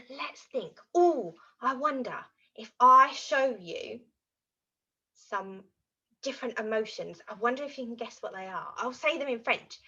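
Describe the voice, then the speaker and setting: A high, bright-toned woman leads a children's language lesson, her voice leaping up and down with each exaggerated feeling she acts out. She speaks slowly and clearly, with a slightly breathy edge. The recording sounds dull and lo-fi. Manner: animated, exaggerated expressions for young children. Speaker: children's French teacher.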